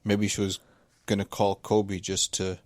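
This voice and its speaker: A man's voice: sits low, completely flat delivery, normal speed, no echo. A man co-hosting a casual talk show, rambling with lots of fillers and restarts. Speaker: podcast co-host. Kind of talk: casual chat.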